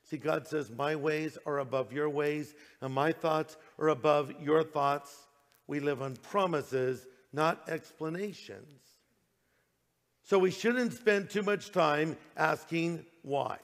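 A man's voice: fairly high pitch, slow. Man preaching in an echoing hall. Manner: conversational preaching, acts out quoted voices. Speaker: pastor. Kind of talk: sermon.

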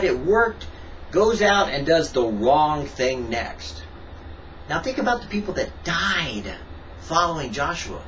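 A man preaching a devotional sermon, emphatic, swinging from sudden high rises to quiet asides. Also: slight background noise. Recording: distant mic, dull sound, faint ambience.

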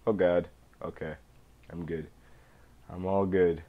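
A young man giving excitable, jumpy let's play commentary as a gaming YouTuber. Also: low voice, takes it slowly. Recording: dull lo-fi home mic.

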